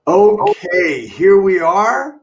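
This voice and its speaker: A man's voice: sits high, huge pitch swings, drawn-out words, gravelly, faint music behind. A man hosting an interview show, rambling and restarting his questions. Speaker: host. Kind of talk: casual interview chat.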